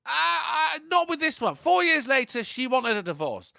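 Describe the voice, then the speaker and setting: A man hosts a casual, crude livestream chat, rambling through stories with animated jokes. His voice is bright and swings up and down a lot. The sound is dry and close. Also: extremely high pitch, moderate pace, gravelly, no echo. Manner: rambling, animated, jokey storytelling. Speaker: livestream podcast host.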